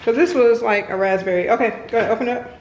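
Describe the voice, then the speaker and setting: A woman's voice: on the high side, very fast, darkish tone. A woman filming a casual home vlog, chatting playfully with her kids and dog. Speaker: vlogger. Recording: echoey room with faint noise.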